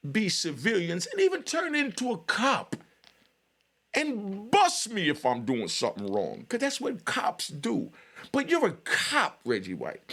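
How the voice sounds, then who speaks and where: A man's voice: fairly high pitch, creaky. A man hosting a commentary channel, speaking straight to the camera in a blunt, lecturing way and filling his talk with "you know". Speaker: YouTube commentary host. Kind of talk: direct-address commentary.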